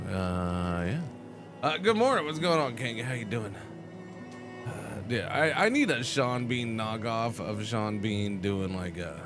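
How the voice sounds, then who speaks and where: A man with a lowish voice streams a game live and talks loosely to his chat. He rambles, stammers and repeats himself as he answers messages. Game music plays clearly underneath.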